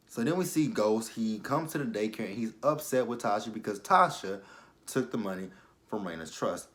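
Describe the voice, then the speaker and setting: A man's voice: lowish voice, lively intonation, normal speed, a bit bright. A young adult man casually recapping a TV episode for his vlog, chatty and full of fillers, breaking into exaggerated reactions. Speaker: TV episode reviewer.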